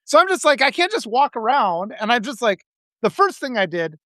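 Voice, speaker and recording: A man's voice: very high-pitched, big pitch swings, brisk, sharp tone, no echo. A man hosts a casual live video talk, his stories spilling out in an emotional, meandering stream. The sound is dry and close, with hardly any room around his voice. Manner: emotional, rambling storytelling. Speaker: host.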